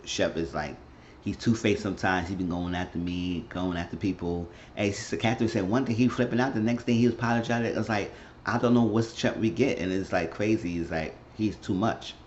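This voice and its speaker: A man with a very low voice rambles through a casual recap of a reality show, slipping into quoted voices as he retells scenes. The recording is dull and lo-fi, with a faint hiss of noise behind him. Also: brisk. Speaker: YouTube recap host.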